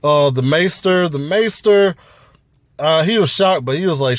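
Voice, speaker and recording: A man's voice: fairly high pitch, measured pace, no echo. Profane, rambling man reviewing a show. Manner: loose, profane, rambling with fillers. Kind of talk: casual spoken review.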